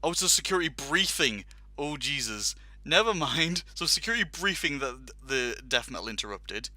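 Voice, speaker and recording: A man telling a story on a casual talk show. His voice is very bright and crisp. It is recorded close and dry, with no room sound. He rambles animatedly, with laughs and quoted lines. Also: mid-range voice, lively intonation, moderate pace, dry recording. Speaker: podcast host telling a story.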